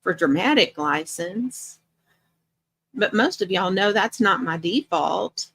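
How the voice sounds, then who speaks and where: A middle-aged woman chats casually on her livestream, greeting viewers by name and laughing often. Her voice sits at an ordinary middle pitch. It is recorded close and dry, with no room echo. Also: lively intonation, takes it slowly, fairly bright tone, husky. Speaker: livestream host.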